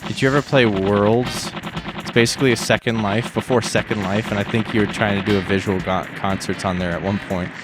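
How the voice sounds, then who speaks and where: A man's voice: on the low side, fairly even intonation, brisk, over music. A man chatting casually with viewers on a live stream, rambling and self-deprecating. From United States.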